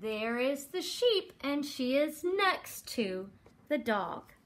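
A woman therapist reading a picture book aloud at home, slowly naming animals and colors and prompting a young child to repeat words. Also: high-pitched, sing-song. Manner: slow, exaggerated, prompting questions. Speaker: developmental therapist.

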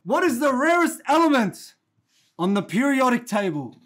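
A young man hosting a homemade quiz game with friends, loud and joking, calling everyone bro. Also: very high voice, big pitch swings, normal speed. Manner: loud, laughing, says bro a lot. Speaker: game show host. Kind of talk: casual joking banter. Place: room indoors with friends.

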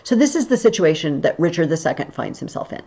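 A woman's voice: sits low, big pitch swings, fast talker, mellow, muffled recording. A woman history teacher talking through a recorded video lesson in a chatty, explaining way.

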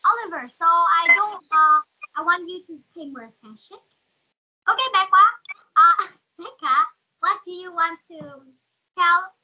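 A woman with a Vietnamese accent and a very high voice teaches an online class over a video call at a measured pace, asking lots of questions and calling on students by name. Her computer mic gives dull, lo-fi audio.

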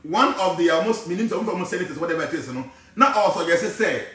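A man's voice: sits high, animated, fast talker, fairly bright tone, far from the mic. Ghanaian man preaching in an echoey room. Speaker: spiritual teacher. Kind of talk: casual talk mixing English and Twi.

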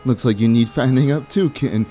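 Old witch woman, as a man puts her on, sly, hushed, teasing, warm mellow tone. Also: medium pitch, fast talker, soft background music, natural voice. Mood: bossy. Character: cryptic old female witch, sly and menacing. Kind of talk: voicing game dialogue.

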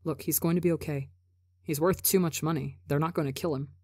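A woman voicing a calm, confident young man who reassures a frightened friend in an audio story reading. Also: deep voice, brisk, no echo, studio quality. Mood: reassuring.

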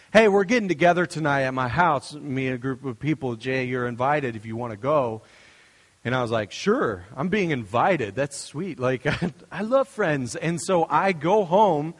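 A man's voice: on the high side, fairly bright tone, big-room sound. A young adult male pastor giving a conversational, story-driven sermon. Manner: storytelling, conversational, with restarts and asides.

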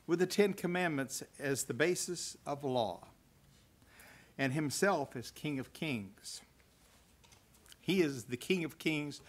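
An older man giving a folksy sermon, chuckling now and then and reading scripture aloud. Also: mid-range voice. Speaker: preacher. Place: church hall at a religious festival.

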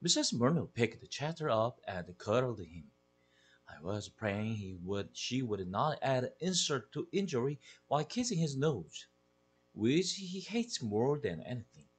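A man with a Korean accent, an English teacher, expressively reading a children's novel aloud in a deliberate storytelling manner. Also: medium pitch, sing-song, faint music behind.

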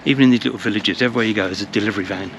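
Rambling guy filming himself on a walk, traffic rumbling behind, chatty. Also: racing. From England. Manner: chatty, rambling, repeats words. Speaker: travel vlogger. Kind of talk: casual walking vlog narration. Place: outdoors in a village, walking. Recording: outdoor recording with clear traffic noise.

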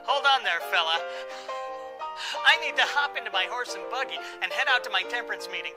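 A man's voice: high-pitched, lively intonation, fairly quick, loud music behind the voice. A man playing a sarcastic, theatrical heckler in a comedy sketch, with a mocking, exaggerated delivery. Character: heckling skeptic-baiter, sarcastic, theatrical, male.

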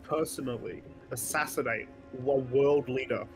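A man's voice: medium pitch, a little slow, over loud music, low-quality recording. A man chatting as co-player on a let's play, bantering with dry jokes. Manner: dry, joking. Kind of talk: casual gaming banter.

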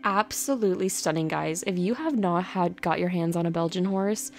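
A woman's voice: fairly low pitch, normal speed. Woman, gaming channel host, chatty and gushing, easily thrilled, faint background music. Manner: gushing, excitable, talks to her game horses. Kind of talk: casual game commentary.

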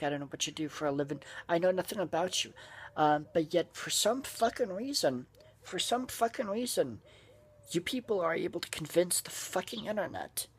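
Angry vlogger man, husky voice, profane shouting rant. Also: a little high. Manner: profane, furious, shouting bursts. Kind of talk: angry ranting monologue.

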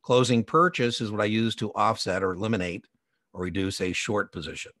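A man's voice: on the low side, a little fast, a bit bright, no echo, clean studio sound. A man teaching an exam prep lecture in a chatty, digressive way, full of personal anecdotes and asides. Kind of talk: conversational recorded lecture.

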